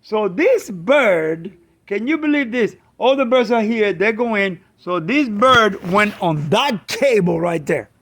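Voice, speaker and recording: A man casually telling a story, animated, acting out friends' voices and bird sounds. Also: high-pitched, slow. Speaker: pigeon fancier, channel host.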